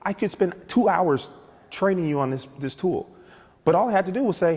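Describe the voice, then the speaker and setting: Energetic guy telling sales stories, voice swings all over, acts out both sides of the chat. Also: high-pitched, a little fast, slightly rough, in a large hall. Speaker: sales coach guest. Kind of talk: animated talk show conversation.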